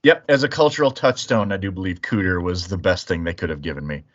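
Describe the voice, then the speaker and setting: A man's voice: low-pitched, fast, fairly bright tone, lo-fi sound. A man from the Chicago area, hosting a casual chat podcast and telling profane, rambling stories. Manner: profane, storytelling. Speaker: podcast host.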